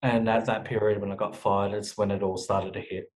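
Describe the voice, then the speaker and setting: A man's voice: fairly low pitch, level tone, a little fast, darkish tone, poor audio. A young man talking frankly as an interview guest, swearing often and restarting his sentences. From Australia. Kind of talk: candid interview talk.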